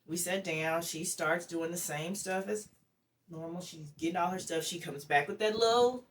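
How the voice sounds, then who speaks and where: A woman guest in an interview telling a personal story in a lively, casual way, acting out the dialogue she recounts. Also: on the low side, normal speed. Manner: lively storyteller who acts out quoted dialogue. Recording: distant mic with faint background noise.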